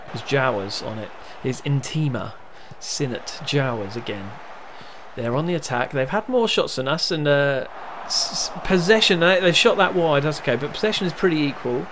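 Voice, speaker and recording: Young guy, slightly high voice, chatty play-by-play of his football sim, faint room hum in the background. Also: moderate pace. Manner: chatty, narrates match events, erupts with excitement at goals. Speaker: gamer commentating a football management game. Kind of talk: casual live game commentary.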